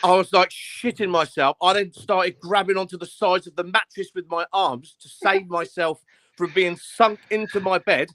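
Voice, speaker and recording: A man's voice: sits high, steady tone, normal speed, fairly bright tone, no room sound. A man telling a crude, laughing story in casual chat.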